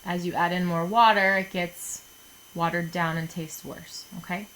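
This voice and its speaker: A woman's voice: lowish voice, fairly even intonation, moderate pace, a bit bright, low-quality recording. Chatty woman teacher giving a lesson. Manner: chatty, jokey, often checks in with "okay?". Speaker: chemistry teacher. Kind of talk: recorded lesson for students.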